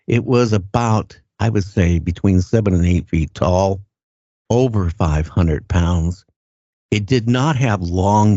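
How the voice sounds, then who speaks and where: An older man telling his story in a halting, earnest way, often repeating words as he goes. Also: low voice, a little mellow, breathy edge, no room sound. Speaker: guest recounting an encounter. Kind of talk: casual first-person storytelling. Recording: dull lo-fi sound.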